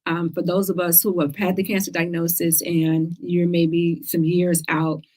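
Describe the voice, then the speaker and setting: Woman talk-show host, middle-aged, slightly low voice, earnest and emphatic delivery with repeated words. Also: little pitch movement, measured pace, dark tone. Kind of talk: casual livestream talk.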